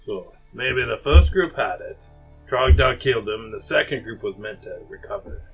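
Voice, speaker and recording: A man's voice: medium pitch, lively intonation, moderate pace, creaky, breathy edge, muffled recording, faint music behind. A man playing a tabletop game, chatting casually, musing aloud and laughing often with the group. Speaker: player.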